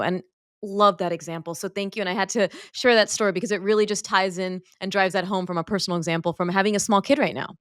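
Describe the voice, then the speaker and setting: A woman hosting a podcast, talking in a casual, earnest way as she opens up with personal stories. Her voice sits at an ordinary middle pitch. The recording is close and dry, with no room sound. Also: steady tone, fast talker, no room sound. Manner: earnest, open personal storytelling. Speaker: podcast host and pediatrician. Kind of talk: casual interview chat.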